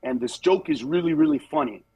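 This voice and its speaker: A man, a comedian, talking casually in a conversational storytelling way, lively and quick to slip into impressions of other people, then earnest and steady on serious points. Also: fairly high pitch, slightly rough, no echo, rough recording. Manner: animated, jumps into acted voices of others. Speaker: comedian guest on a talk show.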